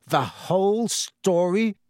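A man voicing an enraged teenage boy wizard who shouts with a shaking voice. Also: high voice, expressive, takes it slowly, no room sound, studio quality, pitched above the performer's own voice. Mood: furious, shaking.

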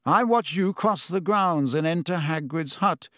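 A man's voice: fairly high pitch, measured pace, a bit bright, no room sound, studio quality, pitched above the performer's own voice. A man voicing an impatient, intense middle-aged male wizard teacher in an audiobook reading. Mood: urgent. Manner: urgent, insistent, impatient.

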